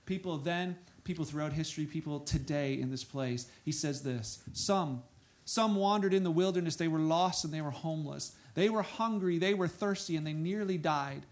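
A man preaching a sermon, reading scripture aloud and breaking into soft asides and loud exclamations. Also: fairly high pitch, moderate pace. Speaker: pastor.

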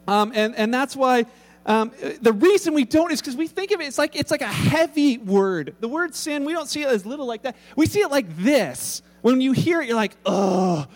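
A man preaches in a loose, joking way, full of restarts and asides. His voice is very high for a man. The sound rings on in a long hall reverb. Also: expressive, normal speed. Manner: casual, humorous storytelling with many restarts. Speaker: pastor. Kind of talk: sermon.

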